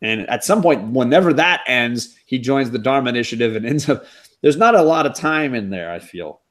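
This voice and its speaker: A man hosting a casual TV recap chat, talking in an animated, wry way with quick asides. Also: medium pitch. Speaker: podcast host.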